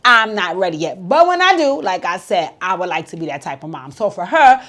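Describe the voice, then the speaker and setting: Chatty low-voiced woman reviewing reality TV. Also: very animated, a little fast, fairly bright tone. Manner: candid, chatty, swears freely. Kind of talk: casual recap commentary.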